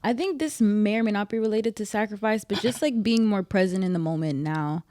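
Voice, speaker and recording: A woman co-hosting a casual faith podcast, upbeat and quick to laugh. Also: mid-range voice, darkish tone, no echo. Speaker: podcast co-host.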